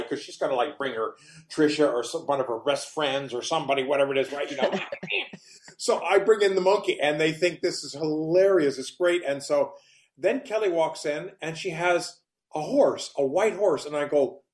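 A man with a fairly high voice talks with lively rises and falls. He is a chat-show guest who often restarts his sentences, and his voice carries a roomy echo. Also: moderate pace. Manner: expressive, restarts often, soft asides. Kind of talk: casual chat.

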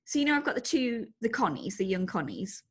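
A woman co-hosting a chatty podcast, her voice slightly husky and on the high side. She tells stories in a lively, up-and-down way and laughs often. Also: a little fast. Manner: laughs often, animated storytelling. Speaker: podcast co-host. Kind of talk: casual chat.

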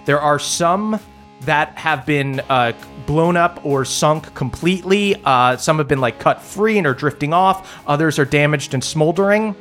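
Give me a man game master narrating a tabletop adventure, slightly higher voice. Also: a little slow, fairly bright tone, soft background music. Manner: descriptive, laughs easily, filler words.

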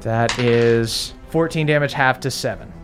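A man's voice: mid-range voice, a little slow, faint music behind. A man narrating as game master, talking casually with many fillers.

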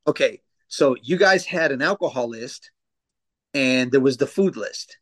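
A man's voice: mid-range voice, expressive, measured pace, a bit bright. A man in his thirties, a tattoo artist guest, telling stories in casual podcast chat with lots of swearing and fillers. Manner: loose, profane storytelling with many fillers.

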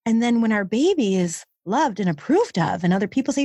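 A woman's voice: mid-range voice, big pitch swings, warm tone, no room sound. Woman podcast host and coach, affirming and reflective, mid-range voice, dry close recording. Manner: reflective, affirming, slow and drawn-out phrasing. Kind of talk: podcast interview.

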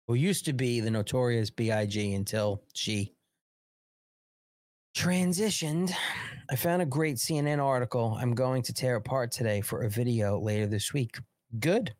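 A man's voice: mid-range voice, darkish tone, dry recording. A man hosting a political live show, ranting in a heated, sarcastic and profane way. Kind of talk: political commentary livestream.

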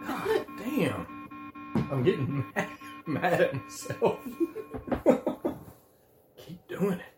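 A man's voice: fairly high pitch, huge pitch swings, extremely slow, reverberant, music in the background. A man co-hosting a podcast in casual chat, joking and self-mocking. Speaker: podcast co-host.

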